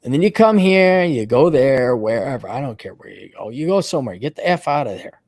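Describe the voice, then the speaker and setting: A man hosting an advice show, ranting bluntly and profanely, his voice jumping between high mocking outbursts and low mutters. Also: sing-song, fairly quick, darkish tone, dry recording, studio quality. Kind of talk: profane advice livestream rant.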